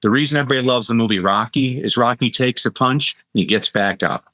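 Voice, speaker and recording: A middle-aged man, a guest educator and speaker, telling lively stories in a conversational podcast interview. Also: medium pitch, dry recording. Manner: animated storyteller, quick asides and impressions.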